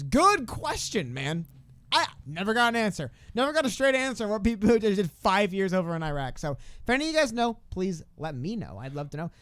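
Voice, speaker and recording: A man's voice: sits high, a bit bright, dry recording. A man co-hosting a political talk show, chatting casually and joking. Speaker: podcast co-host.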